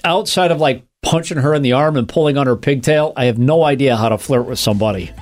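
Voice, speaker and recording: A man's voice: mid-range voice, fast, a little mellow, a little hiss or hum. A man co-hosting a comedy podcast, joking crudely and rambling with lots of fillers. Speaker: podcast co-host. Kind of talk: casual comedic podcast banter.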